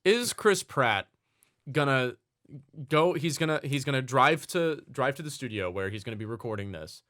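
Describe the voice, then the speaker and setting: A man's voice: medium pitch, lively intonation, moderate pace, a bit bright. A young man hosting a casual podcast chat, rambling and swearing, acting out quotes in silly voices. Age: young adult. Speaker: podcast host.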